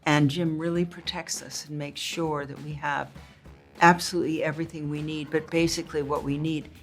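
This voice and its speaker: A woman actor in an interview, reminiscing in an animated way and laughing often. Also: low voice, fairly quick, faint music behind. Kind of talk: casual interview chat.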